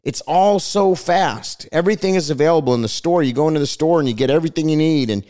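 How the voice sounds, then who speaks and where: A man's voice: fairly high pitch, fast talker, darkish tone. A man hosting a Christian broadcast, preaching his commentary with passion and a repetitive cadence. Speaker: host of a Christian commentary show.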